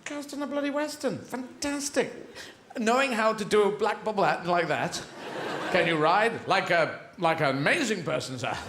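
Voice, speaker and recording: A man doing stand-up comedy on a big theatre stage, rambling through quick asides. His voice sits a touch high and is picked up with a roomy echo. Faint noise runs underneath. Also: lively intonation.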